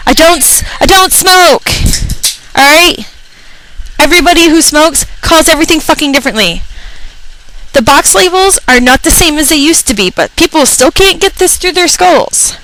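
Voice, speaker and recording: A woman's voice: sits high, expressive, normal speed, fairly bright tone, low-quality recording. A young woman radio personality telling a comedic, profane rant about retail customers, acting out the people in her stories. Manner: exasperated, profane, acts out customers.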